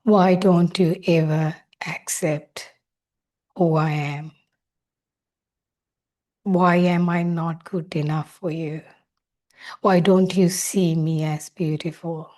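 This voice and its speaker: A woman's voice: fairly low pitch, steady tone, slow pace, long pauses, mellow. A woman speaking as her listener's hurt, neglected inner child, asking one reproachful question after another. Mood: pleading.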